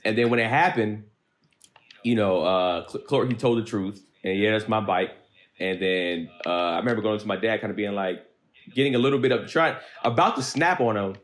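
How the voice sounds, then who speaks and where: A young man co-hosting a podcast, telling a story in casual chat with a relaxed, filler-heavy delivery. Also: on the low side, normal speed. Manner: relaxed, laid-back, trailing fillers. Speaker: podcast co-host.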